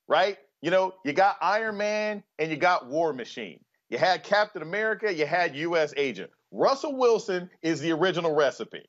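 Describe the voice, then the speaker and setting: A man's voice: on the high side, fairly bright tone, dull audio. A middle-aged man in casual sports banter, talking emphatically with playful trash talk. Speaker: guest commentator.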